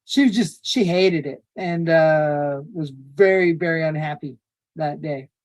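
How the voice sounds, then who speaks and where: Woman, filmmaker guest, casual interview talk, animated storyteller, lowish pitch. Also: unhurried. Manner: animated, acts out quotes in high voices.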